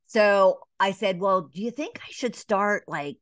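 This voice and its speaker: A middle-aged woman from Atlanta, a business coach, telling her story in a casual interview, with lively asides, many fillers and short bits acting out other voices. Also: medium pitch, a little slow, no room sound, studio quality. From Atlanta, Georgia. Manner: animated storyteller, acts out quoted voices, many "you know" fillers. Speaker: business coach and podcast guest.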